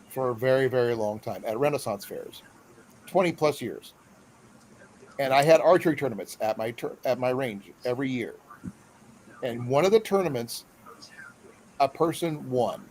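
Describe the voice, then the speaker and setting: Man host, rambling and friendly, mid-pitched, faint background hiss. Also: a little mellow, rough recording. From Iowa. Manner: rambling, friendly, full of fillers. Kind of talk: casual live-stream chat.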